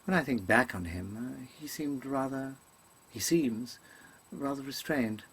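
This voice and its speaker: A man with a mid-range, fairly bright voice and a breathy edge talks a little slowly. He's an actor giving a webcam comic monologue that meanders from point to point, marked by hesitation, ums, and self-corrections in mannered stage diction.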